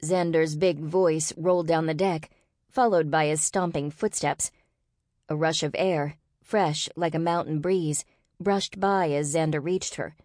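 A woman narrating an audiobook in a steady, expressive reading voice. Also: low-pitched, a little slow, no echo, clean studio sound. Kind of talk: scripted narration.

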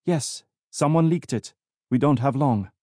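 Guy doing a crisp bossy lady agent, short sharp orders, kinda higher voice. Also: a little slow, no room sound, clean studio sound, lightly acted. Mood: clipped. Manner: clipped and commanding. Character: brisk, cool-headed woman operative. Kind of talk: audiobook character voice.

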